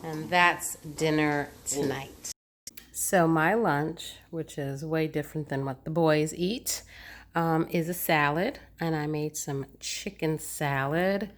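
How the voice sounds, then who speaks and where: A woman's voice: low voice, steady tone, slow pace, a little hiss or hum. A woman vlogging in her home kitchen, chatting casually as she talks through each cooking step.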